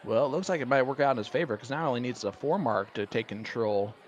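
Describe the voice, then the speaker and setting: An excitable male commentator calling a darts match live. He talks in a chatty, joking way at a middling pitch, with faint noise underneath. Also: quick pace, highs cut off, some chatter behind.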